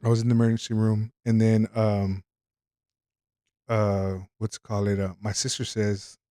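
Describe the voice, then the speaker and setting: A man's voice: fairly low pitch, monotone, normal speed, warm tone, clear, resonant tone, dry recording, clean studio sound. A man from Houston, a podcast guest, tells a story in casual chat, rambling with fillers, restarts and plenty of swearing. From Houston, Texas.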